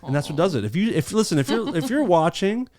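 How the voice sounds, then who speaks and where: A man's voice: high-pitched, very animated, fast talker, a little mellow. A man hosting a podcast in casual comedic chat, joking, profane and laughing often. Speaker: podcast host.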